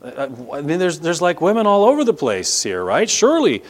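A man's voice: a little high, huge pitch swings, moderate pace. Chatty man teaching a Bible lesson. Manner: conversational, checks in with "right?" and leans on emphasis. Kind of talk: casual scripture lesson with a map.

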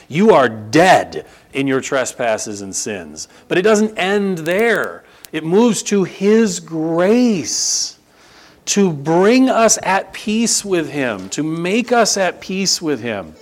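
A man preaching an expository sermon, emphatic and conversational, who also teaches a religion class. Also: on the high side.

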